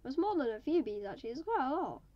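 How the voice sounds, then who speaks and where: A woman's voice: high voice, big pitch swings, fast talker, dull audio. A woman giving casual, chatty commentary to viewers while playing a game. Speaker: gaming video maker.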